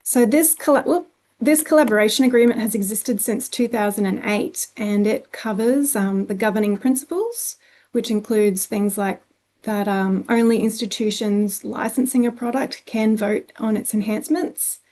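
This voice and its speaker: A woman's voice: a little high, moderate pace, dark tone. A woman with an Australian accent presenting a conference session, speaking plainly with frequent ums and restarts. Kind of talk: presenting a webinar talk.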